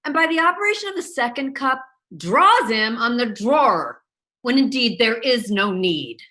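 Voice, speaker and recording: A woman playing Mercutio in a Shakespeare reading, delivering the verse in an animated, mocking way. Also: on the high side, normal speed. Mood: teasing. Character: witty, quarrel-mocking young male Mercutio. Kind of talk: Shakespeare reading over a video call.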